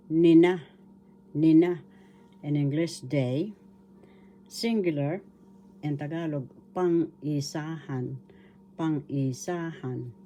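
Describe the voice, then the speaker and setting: An older woman from the Philippines, a teacher giving a slow language lesson, drilling words syllable by syllable and repeating them. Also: deep voice, mellow, slight background noise.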